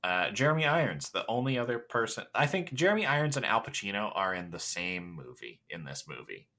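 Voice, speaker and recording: Brief: blunt co-host, man, fairly low voice with a bright edge and lively pitch. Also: brisk. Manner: blunt, dry, curses when criticizing. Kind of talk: casual movie review chat.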